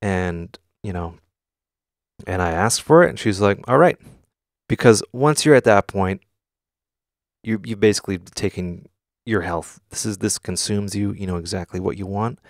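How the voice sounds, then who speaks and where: In his home studio, a music producer streamer with a deep voice hosts a casual live stream at a normal speed, with no room sound. He talks candidly, swears often and answers questions from chat.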